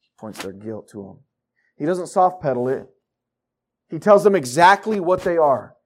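Fervent high-voiced male preacher. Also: big pitch swings, moderate pace. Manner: fervent, swinging from quiet to loud. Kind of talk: sermon.

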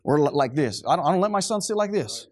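A man's voice: fairly high pitch, lively intonation, fast talker, darkish tone. A middle-aged man preaching a sermon to a congregation, fervent and preachy, sometimes losing his train of thought.

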